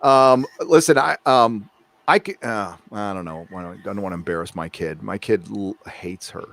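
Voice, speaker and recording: A man's voice: lowish voice, moderate pace, gravelly, a bit bright, dry recording. A man hosting a casual live stream, rambling and joking as he reads out viewer messages. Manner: rambling, jokey, reads out paid chat messages.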